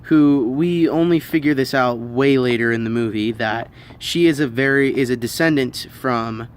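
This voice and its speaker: A man's voice: mid-range voice, moderate pace, a little hiss or hum. A man giving a casual spoken film review, hesitant, with many ums and restarts.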